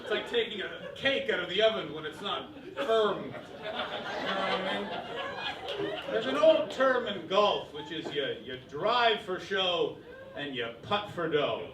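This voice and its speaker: A man performing live stand-up comedy, energetic, jumping into loud mock voices. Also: high-pitched, unhurried. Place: comedy club stage. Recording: roomy live club sound, distant mic, loud crowd laughter. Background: audience laughing.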